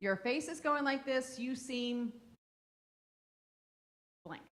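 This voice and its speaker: A woman's voice: high voice, takes it slowly, a bit bright. Chatty woman leading a parent workshop. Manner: conversational, checks in with "okay?" often; acts out quoted voices of kids and parents. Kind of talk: interactive parent workshop talk. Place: school meeting room with an audience.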